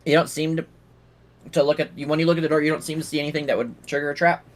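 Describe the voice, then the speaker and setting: A man's voice: a little high, little pitch movement, very fast. A young man running a tabletop game as game master, narrating in a casual, rambling way with fillers.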